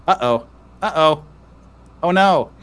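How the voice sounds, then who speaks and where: A man's voice: fairly high pitch, animated, takes it slowly, fairly bright tone. A man hosting a casual livestream, reading out super chats and joking with his co-host in playful banter.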